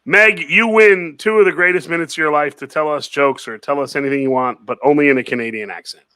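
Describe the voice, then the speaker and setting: A man's voice: on the high side, fast, sharp tone, smooth, no echo. A man hosting a comedy game show, laughing often as he calls on each player by name. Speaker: host.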